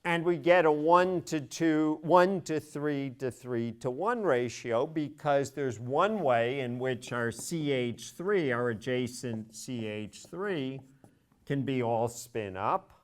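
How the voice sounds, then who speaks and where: A man's voice: mid-range voice, slow pace, clean tone. A middle-aged man giving a university chemistry lecture, spelling out each step methodically and stressing key words. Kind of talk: classroom lecture.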